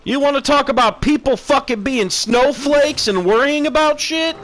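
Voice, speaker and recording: A man's voice: very high-pitched, moderate pace, fairly bright tone. A man streaming a profane, sarcastic rant that mocks people with put-on voices. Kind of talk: ranting commentary.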